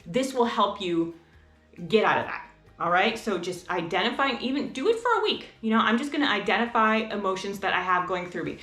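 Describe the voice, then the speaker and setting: A woman's voice: medium pitch, a little fast, echoey room, faint music behind. A woman vlogger talking casually to camera in a chatty, rambling way about homeschooling. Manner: chatty, rambling, animated asides.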